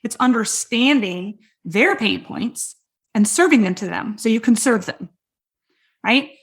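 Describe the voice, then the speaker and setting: High-voiced woman podcast host, loud and hypey, talks right at you like a sales coach. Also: lively intonation, measured pace. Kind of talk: energetic teaching monologue.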